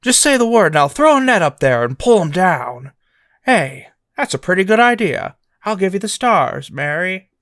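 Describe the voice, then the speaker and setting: A man impersonating George Bailey, eager and high-pitched. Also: moderate pace, no echo, studio quality. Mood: eager, earnest. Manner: raised, excited, rambling delivery. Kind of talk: comic movie impression.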